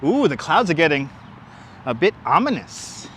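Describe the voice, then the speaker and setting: On a casual outdoor walking livestream through city streets, a man with a fairly high, fairly bright voice talks at normal speed with big pitch swings. Chatty and enthusiastic on his wireless clip-on mic, he greets viewers by name and reads their comments aloud amid slight background noise.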